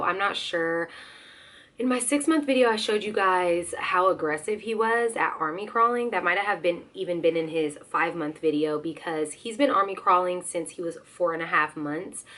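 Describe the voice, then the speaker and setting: Chatty young mom with a hoarse voice. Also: female voice, lowish voice, moderate pace. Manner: chatty, animated, slips into excited quoted voices. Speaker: vlogger. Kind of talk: casual chat.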